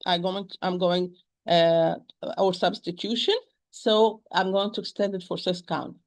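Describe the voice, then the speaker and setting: A woman teaching a recitation lesson, speaking haltingly, often repeating words and modelling pronunciations aloud to make her points. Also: on the low side, fairly even intonation. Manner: stresses rules with emphatic repetition.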